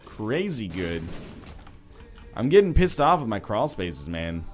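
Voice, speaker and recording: A man's voice: fairly low pitch, big pitch swings, takes it slowly, faint music behind. A man co-hosting a gaming stream, wordy and sardonic, with an irritated throat. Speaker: streamer co-host. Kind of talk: casual gaming chat.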